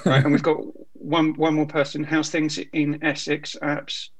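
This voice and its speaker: A man's voice: fairly high pitch, completely flat delivery, unhurried, poor audio. A man hosting a casual podcast chat, joking around and steering the talk with plenty of ums. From England. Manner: chatty, joking, runs the show with filler ums. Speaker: podcast host. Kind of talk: casual chat among friends.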